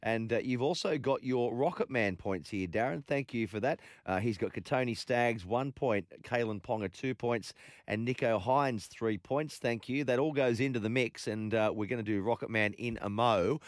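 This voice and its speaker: A man's voice: medium pitch, moderate pace, no room sound, studio quality. A man with an Australian accent hosting late-night sports radio, casual and rambling, with lots of ums and uhs. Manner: laid-back, rambling, full of ums and uhs. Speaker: radio host. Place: radio studio.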